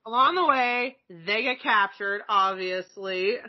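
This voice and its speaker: A woman's voice: medium pitch, slow pace. Woman giggling thru a casual cartoon chat, swears a ton, kinda dull lo-fi audio. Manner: giggly, swears a lot, acts out quotes. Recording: slightly dull lo-fi sound.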